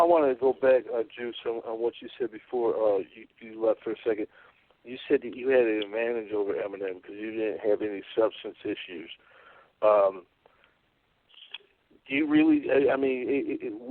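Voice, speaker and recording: A man hosting an interview, asking questions in a halting way and stumbling over his words. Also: mid-range voice, expressive, vocal fry. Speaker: interview host. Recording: tinny phone-like audio.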